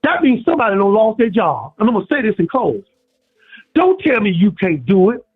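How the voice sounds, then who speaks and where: A man's voice: big pitch swings, a little fast. A man calling in to a sports radio show, preaching and repeating himself. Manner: preachy, repeats himself, swings high and low. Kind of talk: impassioned call-in rant. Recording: tinny phone line.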